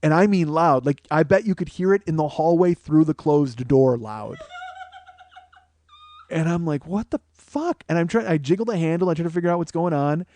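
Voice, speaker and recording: A man's voice: on the high side, moderate pace, no echo. Man, comedy podcast host, cursing storyteller, laughs at his own lines, dry close studio mic. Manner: profane, animated storyteller who laughs at his own jokes. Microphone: studio microphone.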